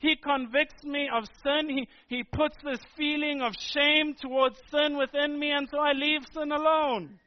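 A man's voice: very high voice, steady tone, a little slow, few pauses. A man preaching a sermon with an emphatic, repetitive cadence that builds through restated phrases. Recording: dull lo-fi sermon recording.

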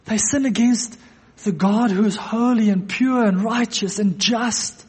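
A man's voice: sits high, a little slow, darkish tone, husky. A man preaching a sermon to a congregation, earnest, repeating phrases for emphasis. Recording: long echo of a church hall.

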